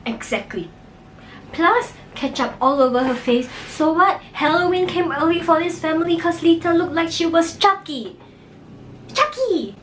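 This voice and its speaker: A woman vlogger casually recapping a movie, animated and acting out the characters' lines as she tells it. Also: very high-pitched, moderate pace, recorded from a distance, a little hiss or hum, poor audio. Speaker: mukbang vlogger.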